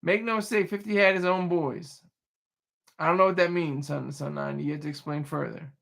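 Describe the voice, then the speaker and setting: A man's voice: fairly high pitch, fairly even intonation, brisk, gravelly, a bit bright. A man hosting a livestream, casually chatting and reading viewer comments with playful teasing and frequent restarts. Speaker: livestream host.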